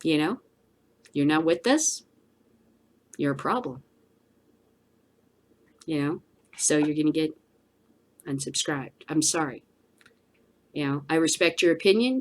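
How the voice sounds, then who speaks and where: Blunt, emphatic woman ranting to camera. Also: deep voice. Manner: blunt, emphatic, preachy, rising and falling for emphasis. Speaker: cannabis news show host. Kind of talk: opinionated solo commentary.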